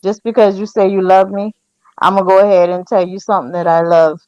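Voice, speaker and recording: A woman's voice: mid-range voice, level tone, a little fast, a little mellow, clear, resonant tone, no room sound, lo-fi sound. A woman with a Geechee accent, chatting boldly and teasing. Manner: bold, teasing, explains with flair. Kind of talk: casual chat.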